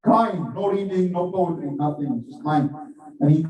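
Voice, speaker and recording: A man with a fairly high, mellow voice delivers a sermon, telling a tale slowly and earnestly before urging his listeners on. He sounds set back from the microphone. His words ring out through an echoey hall. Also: distant mic. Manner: measured storytelling, earnest and exhorting. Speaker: preacher giving the Friday sermon.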